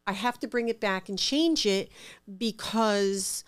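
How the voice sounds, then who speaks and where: A woman's voice: mid-range voice, unhurried, clear, resonant tone. Middle-aged New York woman telling stories. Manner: animated, acts out voices in her stories. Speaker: interview guest. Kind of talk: casual storytelling.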